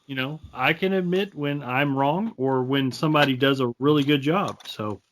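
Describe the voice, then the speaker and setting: A man's voice: mid-range voice, normal speed, a bit bright. A man in a casual podcast chat, jokey and ready to laugh at himself. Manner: self-deprecating, jokey.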